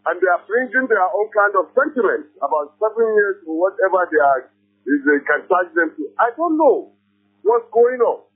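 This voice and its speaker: A man's voice: sits high, big pitch swings, normal speed, slightly rough. A man with a Nigerian accent calling into a radio show, speaking with emotion and many hesitations. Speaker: radio caller. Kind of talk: impassioned phone-in comment. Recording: phone line.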